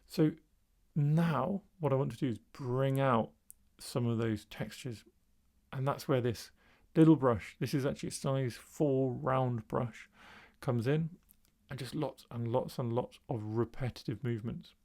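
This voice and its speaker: A man's voice: mid-range voice, a little slow, gravelly. Male art tutor, mid-range voice, casual demo voice-over with fillers. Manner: relaxed, thinking aloud with fillers. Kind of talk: voice-over narrating a painting demo.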